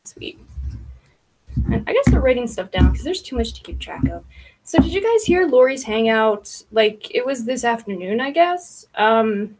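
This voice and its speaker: A woman's voice: fairly high pitch, sing-song, moderate pace, darkish tone. A woman hosting a casual livestream, rambling about online gossip with frequent laughter, swearing and filler words.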